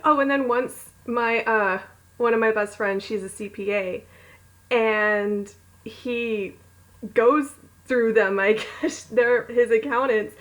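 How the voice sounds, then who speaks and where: Slow and fairly even in intonation, her fairly high voice carries a casual home reading of a romance novel she wrote. Giggling, she wanders into self-deprecating asides, and the recording is rough.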